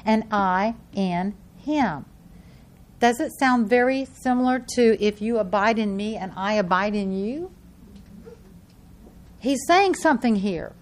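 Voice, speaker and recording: A woman preaching a sermon and reading scripture aloud, swinging between loud emphasis and hushed, soft lines. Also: medium pitch.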